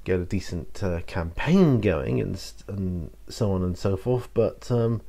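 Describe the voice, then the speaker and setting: Rambling man, low voice. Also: animated, measured pace, creaky, warm tone. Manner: rambling and hesitant, with many fillers and restarts. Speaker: YouTube channel host answering viewer questions. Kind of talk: casual solo chat to camera.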